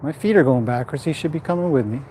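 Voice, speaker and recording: Calm man coaching a horse. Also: fairly high pitch, fast. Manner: calm running commentary mixed with soft praise to the horse. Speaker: horse trainer. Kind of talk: explaining while training a horse.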